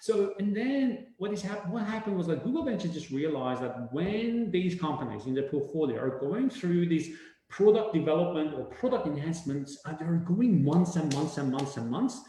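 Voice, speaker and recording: A man giving a casual webinar talk, animated and rambling, full of fillers and restarts. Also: fairly high pitch, moderate pace, slight background noise. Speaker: webinar speaker. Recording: very echoey room.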